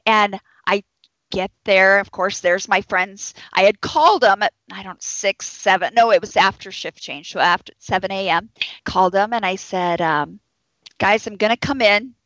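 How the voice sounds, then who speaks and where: A woman's voice: mid-range voice, moderate pace, no echo, lo-fi sound. A woman who works as a labor and delivery nurse, telling a personal story to an audience and acting out the voices of people in it. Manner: animated, acts out quoted voices.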